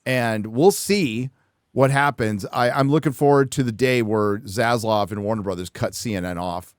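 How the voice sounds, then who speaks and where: A man hosting a live talk show, blunt and profane in casual political chat. His voice is mid-pitched and comes across dry and close, with no room sound. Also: moderate pace, no echo. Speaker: host.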